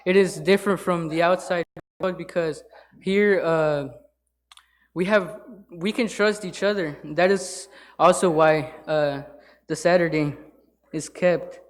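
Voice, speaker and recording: A man giving an informal sermon in church, halting, with many fillers and restarts. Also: on the high side, fairly even intonation. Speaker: lay church speaker. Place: church sanctuary.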